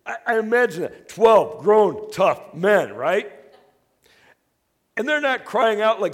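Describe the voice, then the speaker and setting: A man preaching a sermon as earnest storytelling, moving between hushed, quiet passages and loud, excited bursts. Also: sits high, a little slow. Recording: long reverb of a hall.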